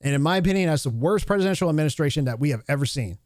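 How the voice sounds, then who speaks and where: A man's voice: on the high side, animated, very fast, dry recording, studio quality. A man in his thirties hosting a live stream, ranting casually in a heated, rambling way with blunt, profane asides and many restarts.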